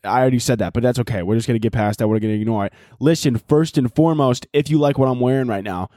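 A man's voice: mid-range voice, fast, hardly any pauses, dark tone, dry recording, clean studio sound. A young man hosting his own podcast, rambling in a profane, self-mocking comic rant. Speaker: podcast host. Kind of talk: solo comedic podcast rant.

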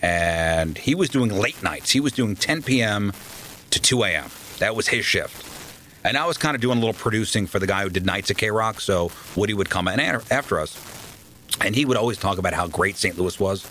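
A man's voice: lowish voice, brisk, a little hiss or hum, poor audio. A man telling a long story in a casual interview, acting out the people he quotes. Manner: animated storyteller, acts out quoted voices. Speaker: radio host guest.

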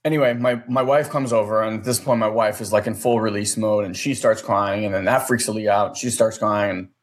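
A man's voice: fairly low pitch, steady tone, brisk. Guy in his 30s rambling through a story, lots of likes and this-and-thats, earnest. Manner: rambling, many fillers, earnest. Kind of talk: casual storytelling.

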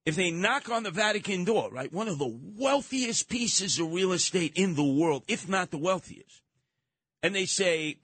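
Animated New talk radio host. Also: male voice, high voice, normal speed, no echo. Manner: animated, mocking, acts out voices. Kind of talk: talk radio banter with callers.

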